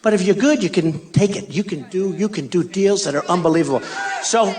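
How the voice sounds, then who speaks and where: A man's voice: sits high, a little fast, darkish tone. An older man giving a rally speech, boastful and repetitive, with mocking asides. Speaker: political candidate. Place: large arena. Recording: crowd in a big arena. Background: faint crowd and ambience.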